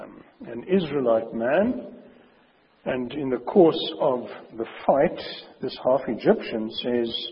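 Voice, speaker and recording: Husky-voiced male preacher in a reverberant hall. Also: medium pitch. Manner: emphatic, slows down to stress warnings. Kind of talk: sermon. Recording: dull recording with long hall reverb.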